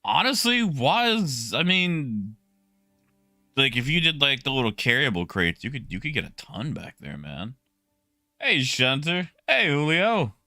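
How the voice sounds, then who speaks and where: A young man casually chatting with his stream viewers, relaxed and talkative, greeting people by name. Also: mid-range voice, measured pace, dry recording, clean studio sound. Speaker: livestreamer.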